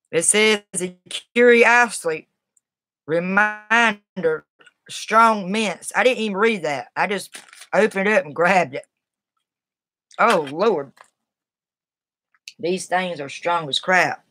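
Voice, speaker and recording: A woman's voice: medium pitch, sharp tone, dry recording. Southern lady rambling on a live stream, folksy and chatty, answering chat, dry close sound. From Southern United States.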